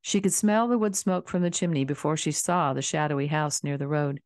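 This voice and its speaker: A woman narrating a children's novel in a calm, steady storybook reading. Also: low voice, a little fast, dry recording, studio quality. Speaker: audiobook reader.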